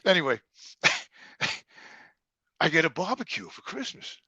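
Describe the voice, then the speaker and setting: A middle-aged man with a New Jersey accent, telling profane, animated stories in a casual interview and acting out the dialogue. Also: a little high, takes it slowly, vocal fry, husky. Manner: profane, animated storyteller who acts out quoted dialogue. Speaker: guest.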